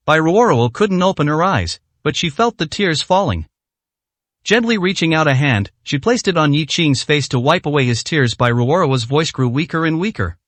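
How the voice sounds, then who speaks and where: Male narrator, scripted story reading, steady, even, slightly high voice, dry close sound. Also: no echo.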